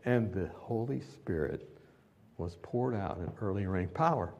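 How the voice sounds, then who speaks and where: A man preaching a sermon as pastor, his delivery swinging between quiet and loud, asking the congregation questions. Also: lowish voice, lively intonation, unhurried.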